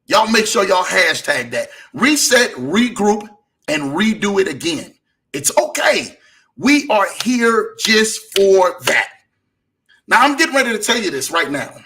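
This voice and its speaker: A man's voice: sits high, sing-song, unhurried, pushed and bright. A man hosting a motivational broadcast, exhorting listeners in a repetitive, preaching rhythm. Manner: repetitive, rising and falling exhortation. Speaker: motivational show host.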